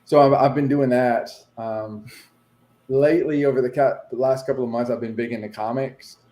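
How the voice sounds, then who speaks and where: A man's voice: mid-range voice, steady tone, moderate pace, mellow. A man co-hosting a casual chat about collecting, talking hesitantly with many fillers. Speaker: podcast co-host, card collector. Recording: echoey room.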